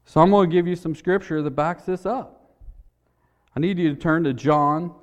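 A man's voice: fairly high pitch, normal speed, long reverb tail. A man preaching a sermon in a church, in an earnest, conversational way, repeating his words as he tells a story.

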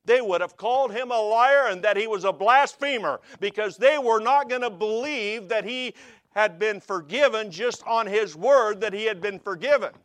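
A man preaching a sermon, telling a story quietly and then rising into loud, emphatic preaching. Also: high-pitched, no echo.

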